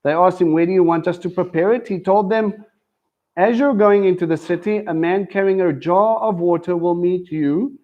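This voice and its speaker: A Messianic congregation's teacher speaks at a normal pace in a voice that sits high, heard with phone-quality sound. He leads a live sermon in a conversational manner, often turning to the crowd with questions.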